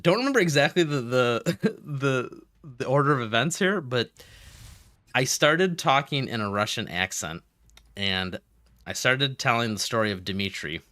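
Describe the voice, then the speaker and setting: A man streaming a game, chatting casually with viewers and telling rambling, animated stories between moves. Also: mid-range voice, no echo. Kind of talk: casual gaming stream chat.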